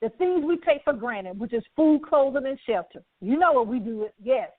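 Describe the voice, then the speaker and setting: Woman host, high and effusive, motivational patter; dry, phone-like audio. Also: animated, normal speed, no echo. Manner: effusive, repetitive, laughs often. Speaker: talk show host. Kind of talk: enthusiastic broadcast talk.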